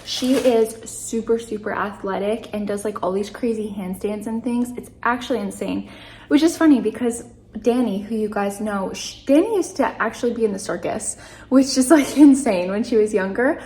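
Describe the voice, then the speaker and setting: In this casual vlog to camera, a young Canadian woman from British Columbia, worn out from lack of sleep, chats and rambles, restarting often and saying "like" a lot. She speaks at a moderate pace in a mellow, medium-pitched voice.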